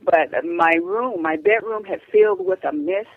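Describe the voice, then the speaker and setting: An older woman calling in as a radio interview guest, speaking earnestly and haltingly with frequent restarts. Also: on the low side, expressive, gravelly, no echo. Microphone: telephone. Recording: dull, dry phone line.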